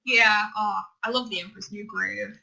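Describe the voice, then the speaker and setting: A woman's voice: medium pitch, moderate pace, vocal fry, bright, forceful tone, poor audio. A young woman chatting as a podcast co-host, giggly and rambling, swearing casually. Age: young adult. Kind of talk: casual chat.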